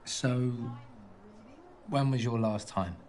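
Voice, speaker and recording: A man's voice: mid-range voice, slow pace, music in the background. A man on a date show, bantering in a cocky, joking way. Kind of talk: flirty banter.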